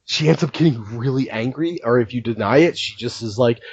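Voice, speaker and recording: A man hosting a podcast, recounting things in an animated, chatty way and laughing often. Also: mid-range voice, brisk, few pauses, no echo, muffled recording. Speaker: podcast host. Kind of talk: casual podcast chat.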